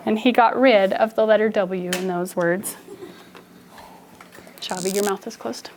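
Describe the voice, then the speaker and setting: A woman's voice: mid-range voice, steady tone, a little slow, pauses often, very noisy. A young woman teacher giving a playful, story-style phonics lesson to children in a classroom. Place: classroom with kids.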